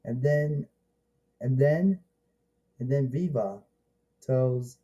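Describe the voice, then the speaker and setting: A man giving a casual, rambling spoken movie review, halting and restarting often and breaking into excited exclamations. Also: mid-range voice, poor audio.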